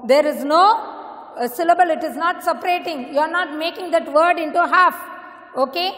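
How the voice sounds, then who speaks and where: A woman with an Indian English accent teaching an English class. She spells words letter by letter and repeats each one slowly. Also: very high voice, fairly bright tone. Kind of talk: classroom lesson. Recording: echoey room with long reverb.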